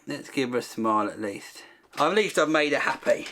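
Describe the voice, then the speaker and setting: A man's voice: medium pitch, animated, moderate pace, bright, forceful tone. Man wryly mocking his own painting. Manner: self-deprecating, wry running commentary. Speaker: host. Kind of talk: comic painting commentary.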